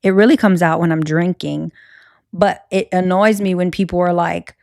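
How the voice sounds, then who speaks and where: Cajun woman host, young, candid rambling chat, lowish voice, dead-dry booth sound. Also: steady tone, moderate pace, gravelly, a little mellow, dry recording. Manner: candid and chatty, frequent fillers and restarts. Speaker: podcast host. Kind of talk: solo podcast chat.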